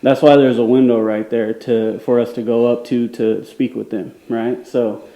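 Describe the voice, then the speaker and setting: A man's voice: medium pitch, flat delivery, moderate pace, mellow, roomy sound, poor audio. A man filming as a citizen journalist in a government office lobby, assertively lecturing a guard about the law and laughing it off. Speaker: self-described journalist filming a public office. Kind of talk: confrontational on-camera argument. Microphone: handheld camera.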